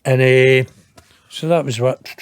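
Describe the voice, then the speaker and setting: A man's voice: mid-range voice, steady tone, takes it slowly, clear, resonant tone, no echo. A Scottish man in his fifties, a guest telling a long story in an interview, rambling and profane, laughing and poking fun at himself. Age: 50s. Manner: rambling, profane, laughs at his own tale, self-mocking.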